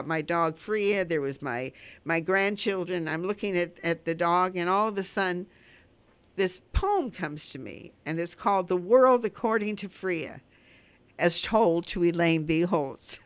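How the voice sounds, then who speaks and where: An older woman hosting a radio talk show, reading her poems slowly and warmly, then chatting about them. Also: clean tone. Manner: slow, heartfelt recitation with lively rises in pitch. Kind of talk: poetry reading and casual chat.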